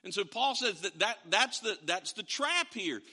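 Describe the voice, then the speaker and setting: A man's voice: high voice, animated, moderate pace, pushed and bright. A middle-aged male pastor preaching a sermon, telling stories, acting out dialogue and asking the congregation questions. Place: church hall. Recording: long hall reverb.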